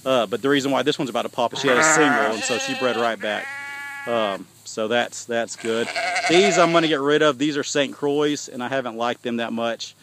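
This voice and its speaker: A man's voice: medium pitch, fairly quick, crowd noise. A man gives a rambling, casual walking tour of his homestead, chatting to viewers as he films outdoors on his phone. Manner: rambling, folksy, talks to viewers as y'all. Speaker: homesteader showing his farm. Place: outdoors on a farm in hot weather. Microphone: phone camera held while walking. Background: sheep and goats bleating.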